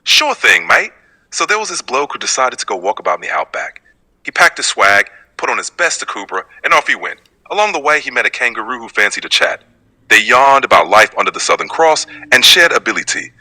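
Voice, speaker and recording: Brief: text-to-speech Aussie man, lively and breathy, brisk, breezy storyteller. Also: mid-range voice. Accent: Australian. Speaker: AI voice assistant.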